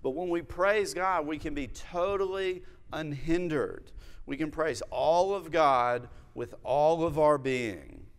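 A man in his thirties preaching a sermon as pastor, measured and reflective, telling personal stories. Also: fairly high pitch, smooth. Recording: long reverb of a large hall.

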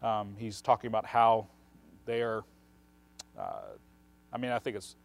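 A man teaching on the Bible in a relaxed, conversational way, explaining at length and often checking in with a questioning "right?". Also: on the low side, a little slow, creaky, a little hiss or hum.

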